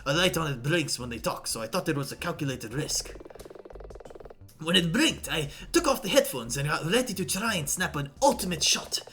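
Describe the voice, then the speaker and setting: A woman's voice: low voice, expressive, normal speed, fairly bright tone. A woman voicing a vain, pompous male photographer witness in an obnoxious, affected put-on accent, faint music behind. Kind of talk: voicing characters in a visual novel stream.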